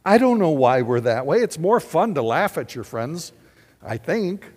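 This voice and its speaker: Pastor preaching in a reverberant hall. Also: male voice, on the high side, measured pace, slightly rough, soft background music. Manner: animated, conversational preaching with rhetorical questions. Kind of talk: sermon.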